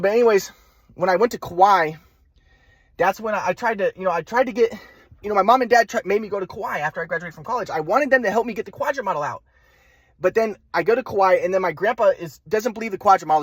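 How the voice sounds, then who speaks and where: A man's voice: high voice, fairly bright tone, slightly rough, dry recording. A young man telling a personal story in a rambling way, full of restarts and repeated words.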